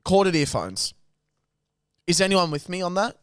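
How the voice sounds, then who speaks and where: A man's voice: high-pitched, sing-song, a little slow, fairly bright tone, clear, resonant tone, no echo, studio quality. A young Australian man co-hosting a podcast, telling a rambling, sweary anecdote in casual chat. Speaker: podcast co-host.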